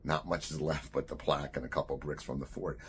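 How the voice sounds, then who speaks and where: Very deep gravelly older man storyteller. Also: steady tone, fast. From New Jersey. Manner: conversational, drops to a near-whisper at grave moments. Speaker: author. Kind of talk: personal storytelling. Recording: faint background noise.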